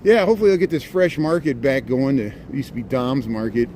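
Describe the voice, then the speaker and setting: A man's voice: medium pitch, fairly quick, darkish tone, rough recording. Folksy Midwestern man walking city streets. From Indiana. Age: 40s. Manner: folksy, rambling, repeats "here" and "there". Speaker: livestream host. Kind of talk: walking livestream tour. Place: outdoors on a city street in light rain. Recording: street noise behind.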